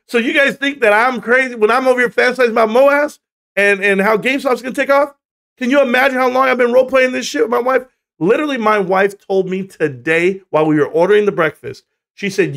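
A US man with a high, fairly bright voice hosts a relaxed livestream at a brisk clip. His stories ramble along, punctuated by swearing and laughs.

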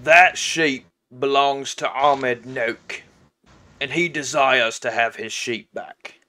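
A blustering orc henchman, as a man puts him on in a tabletop game. He speaks slowly and loudly, full of his own importance and quick to insult. The pitch is raised a touch above the performer's normal voice. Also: steady tone. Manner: slow, blustering, self-important. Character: pompous male orc henchman with wolves.

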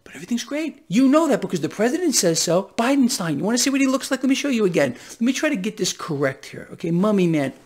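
A man hosting his own financial commentary vlog. He rants with heavy sarcasm, and his pitch jumps all over the place. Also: fast. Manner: animated, sarcastic ranting. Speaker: host.

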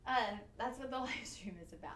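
A woman's voice: a little high, fairly quick, fairly bright tone. A woman hosting a live shopping stream, chatty, upbeat and a bit goofy. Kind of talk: live-stream jewelry selling. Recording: echoey studio room.

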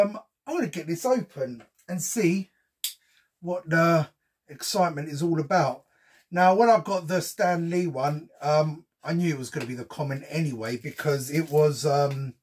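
A man's voice: a little high, breathy edge. A man chatting casually as he unboxes a collectible for his channel, with frequent ums and slang. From United Kingdom. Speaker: unboxing vlogger.

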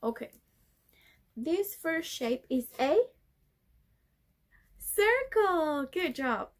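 Slow, breathy teacher for little kids. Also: female voice, high-pitched, expressive. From Chile. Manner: slow, sing-song, stretches key words for kids to repeat. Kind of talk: online class for young children.

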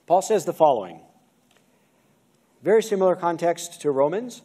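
An American man delivers a sermon in a church, his pitch sitting high and swinging widely between phrases. He keeps the congregation involved, asking questions as he explains each point. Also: moderate pace, husky. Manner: animated preaching, asks the congregation questions. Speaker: pastor. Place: church sanctuary. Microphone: video-recorded pulpit mic.

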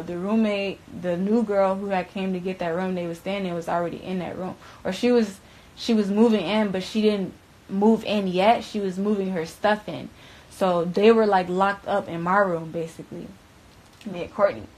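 A young woman tells her story in a casual, rambling way, dropping profanity and fillers constantly. Her voice sits at an ordinary pitch for a woman. She swings from loud, animated bursts to low, hushed stretches. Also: low-quality recording. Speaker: interviewee recounting events.

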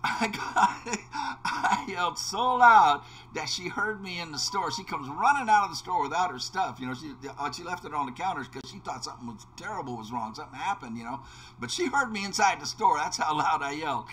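A man's voice: fairly high pitch, animated, fast talker, bright, forceful tone, husky. Rambling man telling a road story. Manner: rambling storyteller with many restarts and fillers. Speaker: let's play host. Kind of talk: casual anecdote told while gaming.

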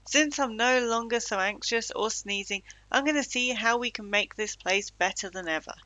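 A woman's voice: a little high, moderate pace, sharp tone, dry recording, rough recording. A woman reading aloud the lines of an anxious, defensive male monster from a game. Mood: relieved. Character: anxious male one-eyed monster, self-styled talent.

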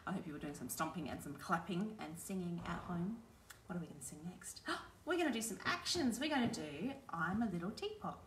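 A woman's voice: fairly low pitch, animated, a little fast, distant mic, slight background noise. A woman from Australia leading a library baby and toddler session, singing nursery rhymes in a cheerful sing-song way and talking straight to the little ones. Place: library room. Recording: roomy echo, a little off-mic.

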